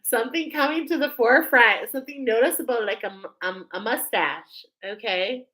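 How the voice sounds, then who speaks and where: A woman's voice: fairly high pitch, moderate pace, pushed and bright, low-quality recording. A woman doing a live spiritual oracle card reading, effusive and exclaiming, often breaking into laughter. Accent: American. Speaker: tarot and oracle card reader.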